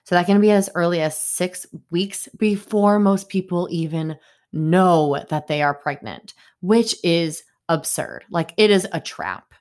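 Woman podcast host, low voice, slow delivery, rambling with lots of ums, indignant and emotional. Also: expressive, darkish tone. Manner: rambling stream of consciousness with many fillers; upset and indignant. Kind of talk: solo podcast monologue. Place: home in Boston.

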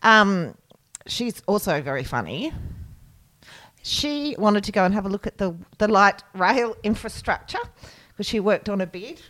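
A woman's voice: medium pitch, lively intonation, measured pace, a bit bright. A woman in her forties with an Australian accent, co-hosting a casual chat and telling anecdotes with blunt quips. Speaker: podcast co-host.

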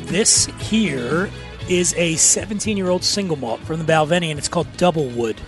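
A man's voice: fairly high pitch, normal speed, faint music behind. A man co-hosting a casual podcast chat, joking and wisecracking. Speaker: podcast co-host.

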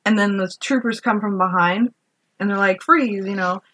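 A woman's voice: medium pitch, fairly even intonation, moderate pace, fairly bright tone. A woman co-hosting a podcast, chatting casually about a film rewatch, swearing freely and laughing often. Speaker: podcast co-host.

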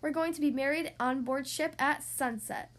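A woman's voice: high-pitched, moderate pace, close to an everyday voice. Woman reading as a polite young prince. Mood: courteous. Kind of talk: storybook reading.

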